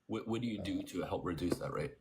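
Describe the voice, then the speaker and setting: A man's voice: sits low, fast talker, noisy background. A man on a live stream, pressing with repeated questions.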